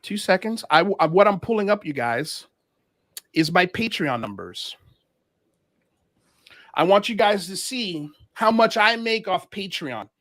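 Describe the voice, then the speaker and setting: A man's voice: sits high, lively intonation, measured pace, long pauses, fairly bright tone. A man from Miami hosting a livestream, ranting in heated commentary as he calls people out. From Miami, United States. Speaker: show host.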